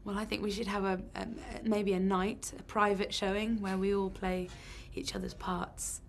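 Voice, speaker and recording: Woman, stage actress, interview anecdote, fry in the voice, faint noise. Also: mid-range voice, flat delivery, normal speed. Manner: chatty storyteller, acts out lines. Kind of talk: casual interview chat.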